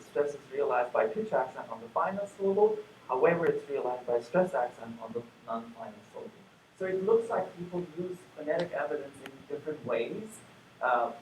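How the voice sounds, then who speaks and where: Male lecturer, plenary talk, filler-heavy delivery, mid pitch, picked up far off in a reverberant room. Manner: measured, many fillers and restarts. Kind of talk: academic conference lecture. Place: lecture hall. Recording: echoey hall from far off with noise.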